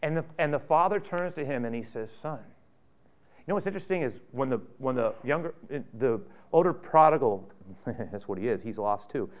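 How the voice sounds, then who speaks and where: A man's voice: medium pitch, animated, fairly quick. A male pastor preaching a sermon, retelling a story in a conversational way with rhetorical questions.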